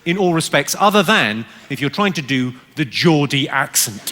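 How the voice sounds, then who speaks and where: A man doing stand-up comedy on a theatre stage, with a dry, quick and cutting delivery. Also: fairly high pitch, lively intonation, heavy background noise. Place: large theatre stage with a laughing audience. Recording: live theatre recording with loud audience laughter.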